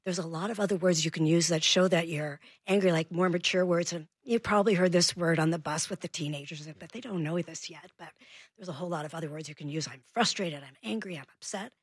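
A woman, a parenting expert, telling an animated story as a guest in a radio interview, acting out the voices in it. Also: fairly low pitch, quick pace, breathy edge, no room sound, studio quality. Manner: animated, acts out dialogue in her story.

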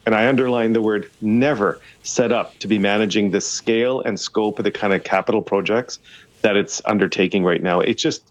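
A man's voice: on the low side, steady tone, a little fast, no room sound. A man, a city councillor as a radio guest, arguing his points with emphasis and repetition. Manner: emphatic, argumentative, repeats for stress. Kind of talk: radio interview by phone.

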